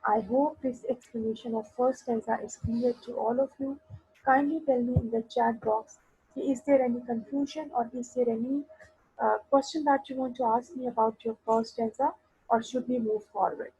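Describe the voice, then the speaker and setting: Woman teacher, very husky voice, fairly high pitch, slow careful explanations, online lesson. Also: steady tone, mellow, lo-fi sound. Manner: explains slowly, mixes Urdu into English, asks students for replies. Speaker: English literature teacher. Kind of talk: online class lecture.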